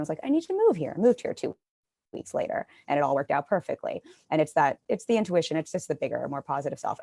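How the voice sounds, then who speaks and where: Woman, live stream host; low, gravelly voice; casual, chatty, self-deprecating. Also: darkish tone, dry recording, clean studio sound. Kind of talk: casual conversational interview.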